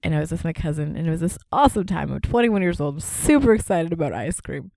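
A woman in her thirties from Canada, telling stories as a guest in casual chat, with quick laughs and voices for the people she quotes. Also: sits low, sing-song, creaky, darkish tone, no echo, clean studio sound.

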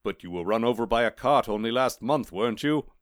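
A man's voice: mid-range voice, animated, dry recording, natural voice. Death, a man voicing a solemn skeletal reaper. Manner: measured, solemn, dry.

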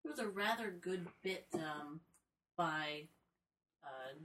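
A woman with a fairly low voice chats casually as a podcast co-host. She drops in dry, teasing asides and trails off with ums. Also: lively intonation, slow pace, a bit bright. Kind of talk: casual chat.

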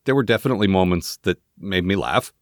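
A man co-hosting a podcast, talking casually with rambling, lively asides. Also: sits low, quick pace, no room sound, clean studio sound. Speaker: podcast co-host. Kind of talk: casual chat.

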